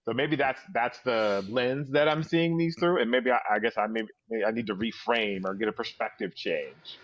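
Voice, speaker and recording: A man's voice: medium pitch, normal speed, highs cut off. A man co-hosting a podcast in casual chat, rambling and correcting himself. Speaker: podcast co-host.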